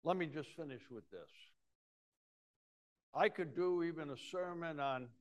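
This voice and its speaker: A man's voice: on the high side, unhurried. Folksy preacher man telling stories. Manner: folksy storytelling, acting out voices with big swings of loudness. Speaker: pastor. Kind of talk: sermon.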